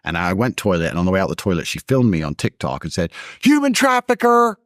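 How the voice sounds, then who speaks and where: A man's voice: deep voice, lively intonation, racing, no echo, clean studio sound. A man in a casual conversation, telling stories in a blunt, emphatic way.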